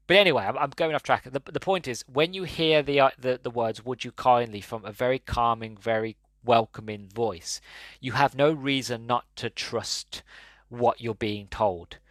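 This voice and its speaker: A man's voice: mid-range voice, normal speed, fairly bright tone, dry recording. Male podcast host, enthusiastic rambler, mid-range voice, dry close mic. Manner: rambling, enthusiastic, many restarts. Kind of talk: casual solo game-review talk.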